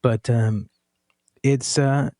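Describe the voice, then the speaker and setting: A man speaking as a podcast guest, reflective and earnest, with many fillers and pauses. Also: medium pitch, fairly even intonation, dark tone, no echo, clean studio sound. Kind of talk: casual conversational podcast chat.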